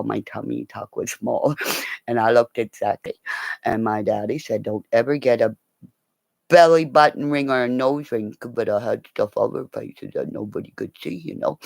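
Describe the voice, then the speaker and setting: Gravelly, swearing ranting woman. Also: extremely low pitch, no room sound. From Canada. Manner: loud, swearing, swings between shouts and mutters. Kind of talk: ranting monologue.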